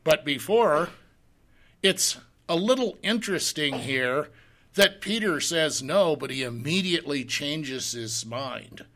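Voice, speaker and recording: A man delivers a verse-by-verse sermon at an unhurried, measured pace. His voice is bright and a bit higher than usual, and he pauses to put rhetorical questions to his listeners. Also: lively intonation. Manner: slow, deliberate, reads scripture in old-fashioned wording. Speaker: pastor. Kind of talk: sermon, verse-by-verse Bible teaching.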